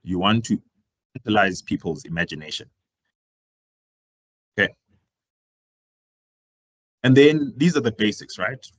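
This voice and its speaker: A man gives a career talk on public speaking, projecting loudly and swinging his voice up and down to demonstrate. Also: sing-song, unhurried, pauses often, husky, dull audio. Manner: projecting louder than usual, swinging his pitch and volume up and down to demonstrate. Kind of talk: live workshop presentation.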